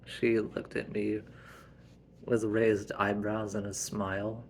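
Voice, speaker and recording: A man with a slow, gravelly voice tells a first-person family story. He speaks haltingly and often restarts his sentences. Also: fairly low pitch, flat delivery, a little hiss or hum.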